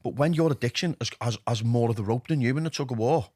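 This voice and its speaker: A man's voice: mid-range voice, fast, no room sound. Liverpool man telling his story, dry close mic. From England. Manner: animated, drops to a hushed voice when quoting himself. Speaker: podcast guest, DJ. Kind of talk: candid interview storytelling.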